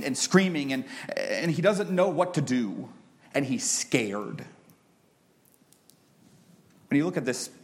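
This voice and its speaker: A man in his thirties preaching a sermon who builds to loud, high peaks and then drops to a soft, hushed voice. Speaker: pastor.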